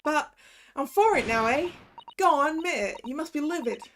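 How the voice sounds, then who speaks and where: A woman's voice: sits high, lively intonation, normal speed, a bit bright, a little hiss or hum. A woman voicing a defiant young street girl with a put-on Cockney accent and slangy speech. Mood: resentful.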